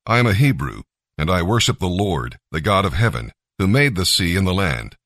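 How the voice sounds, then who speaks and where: A man's voice: low voice, big pitch swings, moderate pace, a bit bright, no echo, clean studio sound, full character voice. A man voicing a penitent runaway prophet in a scripted scripture reading. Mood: solemn.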